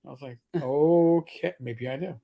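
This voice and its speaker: A man's voice: medium pitch, a little slow, gravelly, highs cut off. Middle-aged man, livestream co-host, rambling jokey storyteller. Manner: rambling storyteller, joking, frequent restarts. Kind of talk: casual livestream chat.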